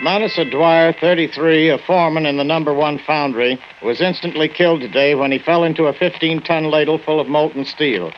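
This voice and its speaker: An actor playing a brisk radio newscaster. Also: male voice, a little high, fairly even intonation, lightly acted. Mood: formal. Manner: brisk, formal news reading. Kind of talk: 1940s radio acting. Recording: dull old radio recording, faint noise.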